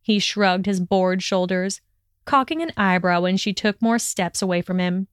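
A woman narrating a story aloud in a steady, expressive storytelling manner. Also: medium pitch, normal speed, clear, resonant tone, dry recording, clean studio sound. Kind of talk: reading fan fiction aloud.

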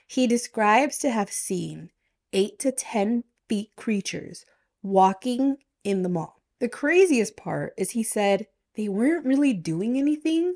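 A woman's voice: mid-range voice, darkish tone. A woman hosting a podcast, telling a story casually rhetorical questions and a chatty, conspiratorial manner. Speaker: podcast host.

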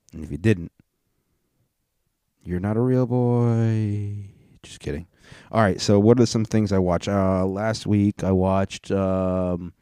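A young man streaming, reacting to a clip and chatting with viewers in loud, profane, joking banter. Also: on the low side, no room sound, clean studio sound.

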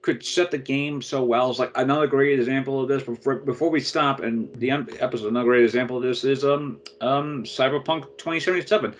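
A man with a mid-pitched, everyday voice co-hosts a casual gaming chat. He muses thoughtfully and hesitantly. He stops often on "uh" while he finds his words. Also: fairly even intonation, fast talker, hardly any pauses. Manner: thoughtful, hesitant, many "uh" fillers. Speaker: podcast co-host.

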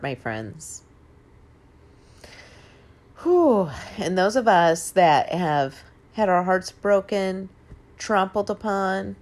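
A woman in her forties speaks slowly and with a lively, swinging pitch, her voice sitting a little low. She gives a motivational talk in an emphatic, casual way, with a curse word here and there. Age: 40s. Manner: emphatic, animated, casual swearing and laughter. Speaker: host. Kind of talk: motivational monologue.

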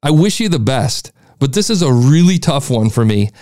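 A man's voice: mid-range voice, very animated, moderate pace, dark tone, dry recording, studio quality. A man hosting a podcast, giving a blunt, exasperated critique of a listener's show. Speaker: podcast host reviewing listener shows.

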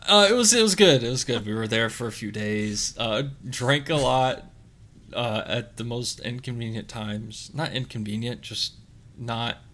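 A man's voice: mid-range voice, moderate pace, a bit bright. A young man on a podcast, chatting casually and telling a rambling story full of fillers and restarts. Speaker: podcast co-host.

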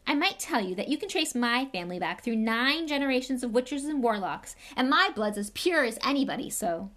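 A woman's voice: a little high, animated, brisk, fairly bright tone, pitched above the performer's own voice. A woman voicing a nervous, pompous schoolboy who gossips and stubbornly defends himself. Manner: whispering, then stubborn and quavering.

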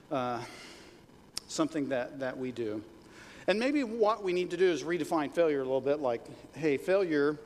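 A man's voice: medium pitch, a little mellow, in a large hall, slight background noise. A man preaching a sermon in a conversational way, often checking in with "right?" and "okay?". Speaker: pastor.

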